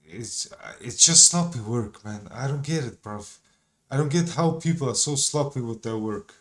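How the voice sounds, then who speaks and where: A man's voice: medium pitch, lively intonation, normal speed, fairly bright tone. A man with a slangy style, giving casual reaction commentary. He talks in an exasperated, swearing way. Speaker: video commentator.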